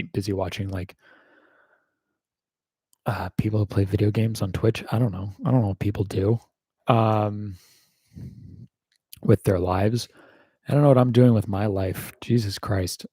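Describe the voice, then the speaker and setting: A lowish American man drawls through a casual livestream Q&A at an unhurried pace. He rambles wryly, swears now and then, and leans on plenty of ums. The sound is close and dry. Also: steady tone, warm tone, husky, no room sound. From United States. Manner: rambling and wry, heavy on fillers, swears casually. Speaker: YouTuber hosting a livestream Q&A.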